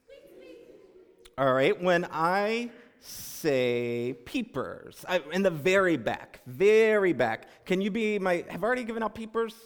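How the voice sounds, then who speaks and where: A man leading a congregation, moving between reflective reading and playful, encouraging storytelling. His voice sits a little high for a man and swings widely in pitch. A long reverb trails his words through a large sanctuary. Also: sing-song, a little slow, few pauses. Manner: encouraging, playful, makes animal noises to cue the congregation. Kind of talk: reading aloud and leading a participatory children's story.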